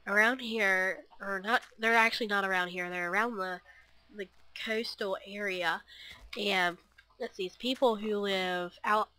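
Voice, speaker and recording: A woman's voice: mid-range voice, fairly even intonation, measured pace, bright, forceful tone, no echo. A young woman chatting to camera in a scattered, rambling way, full of fillers and restarts. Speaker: vlogger. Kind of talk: rambling casual chat.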